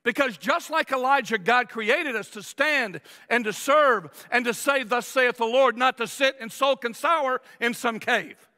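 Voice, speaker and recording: Male pastor, sermon delivery, high, bright and raspy, emphatic, big echoing sanctuary. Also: unhurried. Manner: emphatic preaching, acts out whiny voices. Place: large church sanctuary. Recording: long reverb of a church hall.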